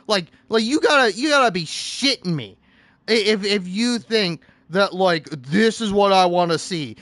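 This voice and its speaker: High-voiced man in an exasperated rant. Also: lively intonation, a little slow, dry recording. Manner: exasperated, theatrical, swinging between shouting and muttering. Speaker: online video creator. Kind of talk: comedic rant.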